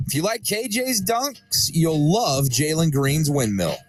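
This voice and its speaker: A man narrating basketball highlights as a studio host, upbeat and setting up each clip. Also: expressive, a little slow, music in the background. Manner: upbeat, hyping the next clip.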